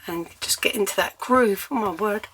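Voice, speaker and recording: A woman's voice: mid-range voice, normal speed, a bit bright, a little hiss or hum. An English woman giving a chatty, step-by-step cardmaking tutorial while she works at her crafting table.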